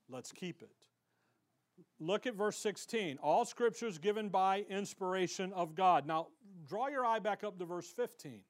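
A male pastor preaching a sermon in a conversational way, acting out the voices of the people he quotes. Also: high voice.

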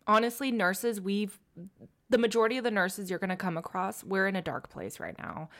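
A woman's voice: mid-range voice, brisk, a bit bright. A young woman, an ICU nurse co-hosting a podcast, telling a heartfelt story in casual chat and dropping to a whisper for quoted words.

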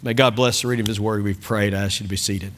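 A man's voice: on the low side, steady tone, quick pace. A man preaching a sermon as pastor, reading scripture with emphasis, chuckling and turning to the congregation with asides. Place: church sanctuary.

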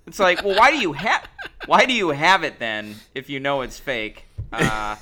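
A man co-hosts a podcast in easygoing conversation, telling joking stories with animated energy. His voice has a bright, forward tone, sitting at a middling pitch. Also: moderate pace. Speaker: podcast co-host. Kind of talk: casual chat.

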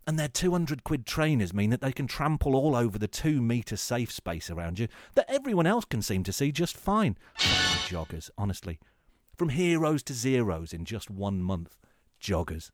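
A man hosting a spoof hospital radio show, delivering a sarcastic comic monologue with deadpan mock-grand phrasing. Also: mid-range voice, normal speed, dry recording, studio quality. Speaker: host of a comedy radio show.

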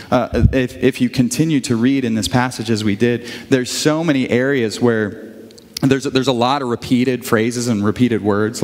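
A male pastor preaching a conversational sermon, animated and telling stories, acting out the voices of the people in them. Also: fairly high pitch. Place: church sanctuary. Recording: long hall reverb.

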